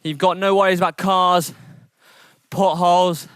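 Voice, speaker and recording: A man coaching an indoor cycling workout, energetic and encouraging as he calls out intervals and counts down, sweating as he rides. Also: sits high, unhurried, clear, resonant tone, dry recording, studio quality. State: sweating from exertion. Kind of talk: coaching a training session.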